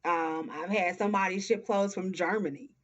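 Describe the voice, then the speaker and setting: A woman's voice: fairly low pitch, steady tone. Southern woman in her forties, interview guest, heartfelt and emphatic, dull lo-fi sound. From Texas. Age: early 40s. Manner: earnest, heartfelt, slow and emphatic. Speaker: guest, nonprofit founder. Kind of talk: interview conversation. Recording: dull lo-fi audio.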